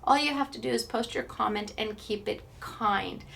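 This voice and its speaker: A woman's voice: a little high, moderate pace, gravelly, a bit bright, slight background noise. A woman hosting a craft class, chatting to online viewers in a bubbly way and laughing often. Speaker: craft store host. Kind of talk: casual chat to online viewers.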